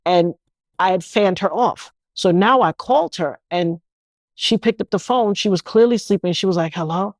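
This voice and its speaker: A woman's voice: mid-range voice, moderate pace, dry recording, studio quality. A woman, telling her personal story as an interview guest, speaking emphatically with many restarts.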